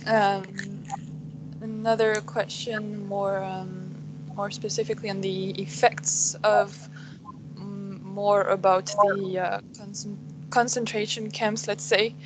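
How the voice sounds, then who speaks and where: A woman's voice: medium pitch, level tone, slow, rough recording. Woman interviewer, careful and hesitant, plain mid voice. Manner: careful, hesitant questioning with fillers. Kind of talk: interview questions.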